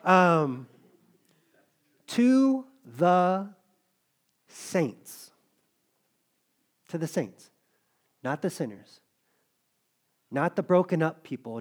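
A man's voice: a little high, a little mellow. A middle-aged male pastor preaching a sermon in a conversational, joking way. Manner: conversational preaching, jokes with the congregation.

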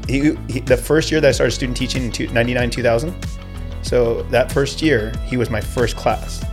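A man in his forties chats as a podcast guest, his voice sitting at an everyday middle pitch. He tells a heartfelt story, stumbling and restarting as he goes. Faint music plays underneath. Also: steady tone, brisk. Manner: emotional storytelling with many restarts. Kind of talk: casual chat.

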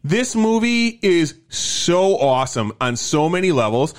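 A man's voice: on the high side, sing-song, a little slow, clear, resonant tone. A man co-hosting a casual podcast chat, enthusiastic and profane, often stumbling and restarting. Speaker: podcast co-host.

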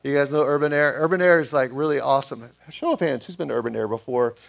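A man's voice: medium pitch, fast, gravelly. A male pastor giving a sermon in a conversational way, asking the congregation questions.

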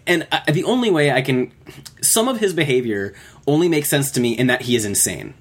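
A man's voice: mid-range voice, animated, brisk. A man co-hosting a casual book discussion, rambling and checking in with "right?", acting out bits of dialogue. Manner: rambling, acts out quotes, frequent "right?". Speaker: podcast co-host.

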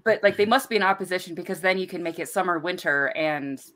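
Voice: mid-range voice, quick pace, a bit bright. Hesitant, bookish podcast co-host. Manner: hesitant, trails off, bookish on myths. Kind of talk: casual chat.

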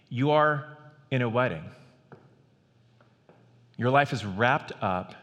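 A man's voice: medium pitch, a bit bright, in a large hall. A man preaching a sermon as pastor, earnest in tone, reading scripture aloud with rising energy.

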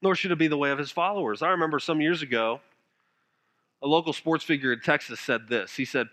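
A man preaching with a high, bright, ringing voice. He presses earnest rhetorical questions at his listeners. His volume swings from strong emphasis down to near-hushed tones. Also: fast talker. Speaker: pastor. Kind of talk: sermon.

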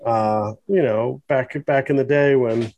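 A man co-hosting a casual podcast chat, thinking aloud as he talks, with many pauses and fillers. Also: mid-range voice, fairly even intonation, darkish tone, no echo, lo-fi sound. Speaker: podcast co-host.

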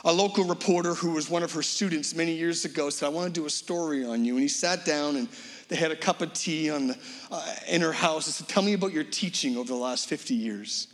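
A middle-aged man preaching a sermon as guest pastor, swinging between loud emphatic lines and hushed, low ones. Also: quick pace. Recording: long reverb of a large hall.

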